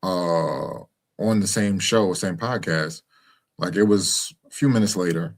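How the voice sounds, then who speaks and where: Very deep-voiced man rambling casually. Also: a little slow, creaky. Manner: rambling, with many fillers and restarts. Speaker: commentator speaking to his followers. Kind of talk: casual monologue to camera.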